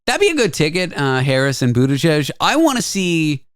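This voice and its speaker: A man's voice: on the high side, very animated, moderate pace, a bit bright, clear, resonant tone, no echo, clean studio sound. A man hosting a radio show in casual chat, easygoing and hesitant, often repeating words.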